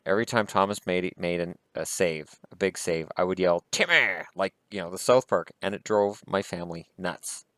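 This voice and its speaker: A man's voice: sits low, dry recording. A man vlogging about hockey, talking in a heated, blunt and profane way. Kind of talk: casual opinion rant.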